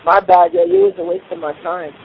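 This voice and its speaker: A man's voice: sits high, huge pitch swings, fairly quick, creaky. A male caller to a radio show, taunting and mocking with profanity. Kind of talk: prank call to a radio show. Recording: hissy phone line.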